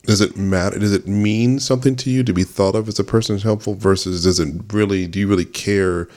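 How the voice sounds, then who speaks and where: Man, low-pitched, chatty storytelling host who slips into quoted voices. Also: steady tone, a little fast, a little mellow. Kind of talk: family conversation, storytelling.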